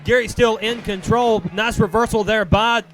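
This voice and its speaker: A man with a high-pitched voice calls a televised wrestling match play by play. He names each hold and near-fall and tosses jokes back and forth with his partners at the desk. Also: fairly even intonation, normal speed, fairly bright tone, slight background noise. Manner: joking banter between calls of the action. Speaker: play-by-play commentator. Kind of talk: wrestling TV commentary.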